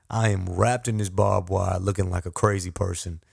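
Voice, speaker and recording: A man hosting a podcast, telling a personal story with animated, repetitive, self-deprecating motivational talk. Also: low-pitched, a little slow, gravelly, breathy edge, no echo, studio quality. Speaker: podcast host.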